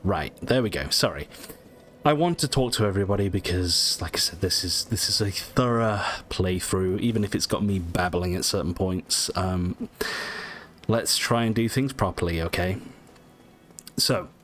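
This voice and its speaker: A man with a fairly low voice chats his way through a video game playthrough. He rambles, jokes at his own expense and trips over words, then corrects himself. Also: lively intonation, moderate pace, fairly bright tone, slight background noise. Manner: rambling, chatty, self-deprecating, stumbling over words. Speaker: gameplay commentator. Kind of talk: casual let's-play commentary.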